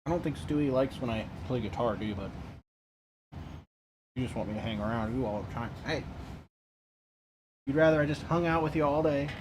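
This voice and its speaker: Man chatting on a noisy home livestream. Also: mid-range voice. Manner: talks fondly to his cat between remarks to viewers. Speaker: guitar teacher streaming live. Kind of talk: casual livestream chat.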